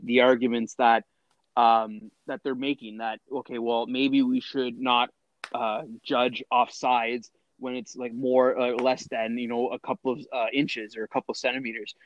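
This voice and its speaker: A man co-hosting a soccer podcast in casual chat, opinionated and halting, with many fillers and restarts. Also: medium pitch, no room sound. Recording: slightly muffled lo-fi recording.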